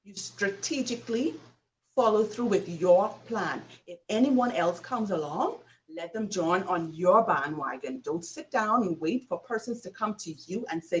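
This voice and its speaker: A woman's voice: medium pitch, expressive, measured pace, far from the mic, poor audio. A woman hosting a live show and giving an emphatic, preachy motivational talk full of rhetorical questions. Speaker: host.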